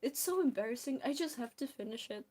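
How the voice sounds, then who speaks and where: A woman's voice: high voice, expressive, fairly quick, darkish tone. A young woman from Belarus with a Belarusian accent, chatting casually and giggling with viewers while drawing on a stream. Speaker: art streamer.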